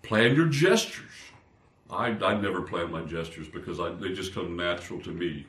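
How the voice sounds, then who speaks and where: An older man, a pastor, teaching fellow preachers in an informal, animated way, poking fun at himself and swinging between loud and soft. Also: low-pitched, moderate pace. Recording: roomy, distant from the mic.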